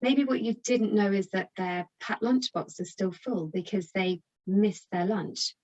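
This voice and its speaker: A British woman talks parents through her advice in a chatty, encouraging way, speaking directly to her viewers. Her voice sits at an everyday middle pitch. The recording is slightly dull and lo-fi. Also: unhurried, a little mellow. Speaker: parenting coach. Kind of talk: direct-to-camera parenting talk.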